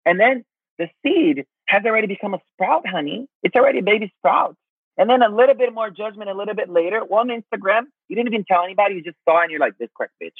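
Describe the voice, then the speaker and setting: A man giving casual spiritual advice in an expressive way, swearing freely and calling people honey. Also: high voice, fast talker, slightly rough, no room sound. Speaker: spiritual teacher guest. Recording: tinny phone-like line, dry.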